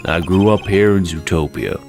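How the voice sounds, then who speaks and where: A man voicing a gruff, streetwise male fennec fox with a deep voice and a slight Southern twang, curt and dismissive. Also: normal speed, a little mellow, faint music behind. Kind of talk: let's play voice acting.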